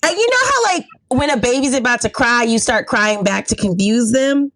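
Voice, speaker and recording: Woman, animated comic storyteller, lively pitch, bright laughter in her telling. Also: moderate pace, dry recording, rough recording. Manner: animated, acts out voices, laughs often. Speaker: podcast guest comedian. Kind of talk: casual storytelling chat.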